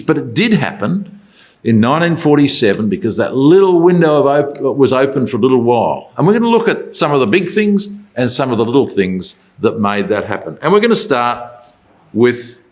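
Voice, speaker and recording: A man's voice: medium pitch, lively intonation, brisk. Man giving a conversational Bible talk. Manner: conversational, rhetorical questions. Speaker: Bible speaker.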